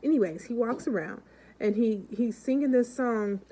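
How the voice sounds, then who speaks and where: Poor audio captures a woman vlogger with a slightly high, warm voice speaking at normal speed. In a chatty way she tells her viewers stories, voicing the people in them and repeatedly calling out to the audience.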